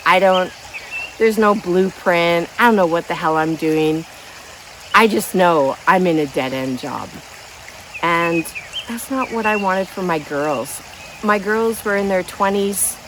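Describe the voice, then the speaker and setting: A woman's voice: lowish voice, noisy background. A woman, telling her own story frankly and bluntly as a vlogger, outdoors by a river. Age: 50s. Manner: blunt, frank, laughs between lines. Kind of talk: candid personal storytelling.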